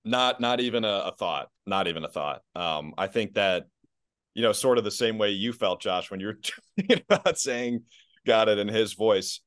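A man with a notably low voice chats as a guest on a sports podcast. He is easygoing and self-deprecating, laughing often. The sound is dry and close. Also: expressive, normal speed, no room sound. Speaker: podcast guest, basketball play-by-play announcer. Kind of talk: casual podcast chat.

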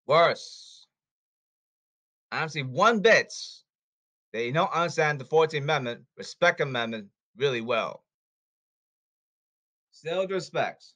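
A man rants angrily at the camera, his voice a little high, bright and forceful. His monologue keeps circling back on itself in emphatic, furious bursts.

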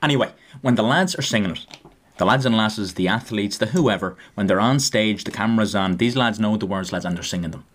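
A man's voice: fairly low pitch, brisk. A young Irish man in his twenties co-hosting a podcast, chatting casually and joking, calling his listeners "lads". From Ireland. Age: 20s. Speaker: podcast co-host. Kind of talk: casual chat.

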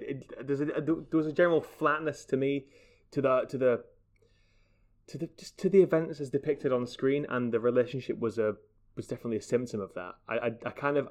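A man co-hosting a podcast, discussing a film in a measured, hedging way, often restarting his sentences. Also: mid-range voice. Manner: measured, hedging, self-correcting. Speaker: podcast co-host.

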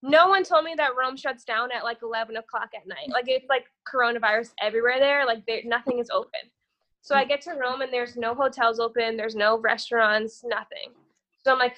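A woman's voice: a little high, brisk, sharp tone. A young woman guesting on a podcast, telling a long dating story in a casual, rambling way, cursing freely and tossing in "whatever". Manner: profane, rambling, says "whatever" a lot.

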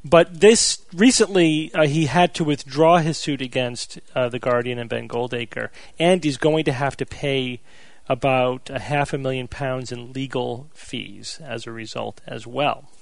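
Guy hosting a chat podcast, kinda gravelly, dry close sound, laid back explaining stuff. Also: medium pitch, unhurried, dry recording. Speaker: podcast host. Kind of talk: casual chat.

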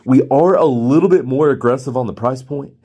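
A man's voice: medium pitch, fairly quick, warm tone, lightly acted. A man voicing an overeager male salesman who keeps pushing to close the deal. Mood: pushy pitch. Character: pushy fast-pitching adult male salesman.

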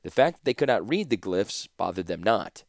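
A man reading a fantasy novel aloud in an even, measured narration. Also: fairly low pitch, vocal fry, no echo, studio quality. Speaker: audiobook narrator. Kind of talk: scripted narration.

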